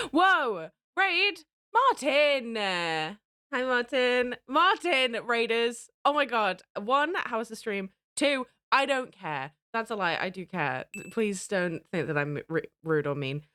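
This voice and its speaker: A woman streamer chatting casually to her viewers, excitable and giggly. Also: fairly high pitch, dry recording. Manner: excitable, giggly, talks to chat. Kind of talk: casual live-stream chat.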